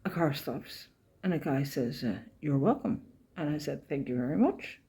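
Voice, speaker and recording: With a deep, warm, breathy voice and lively intonation at a moderate pace, an Irish woman recounts her walking pilgrimage day to camera. It's a casual travel vlog: she chats, retells conversations, and gets emotional, nearly crying.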